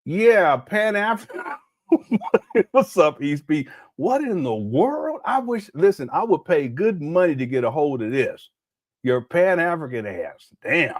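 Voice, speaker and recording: A man's voice: fairly high pitch, sing-song, measured pace. Laughing, incredulous male commentator. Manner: joking, laughing, incredulous rhetorical questions. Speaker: commentary host. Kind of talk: casual reaction commentary.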